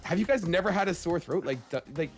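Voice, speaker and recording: A man in his thirties hosts a chatty podcast with lively, jokey emphasis. His voice carries a slight roughness left over from a cold. Faint music sits under the opening. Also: sits high, quick pace. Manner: animated, jokey, rising emphasis. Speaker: podcast host. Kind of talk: casual podcast chat.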